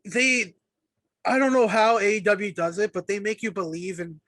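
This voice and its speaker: A young man co-hosting a casual wrestling podcast, talking excitedly, swearing often and acting out quotes. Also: high-pitched, normal speed, no room sound. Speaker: podcast co-host.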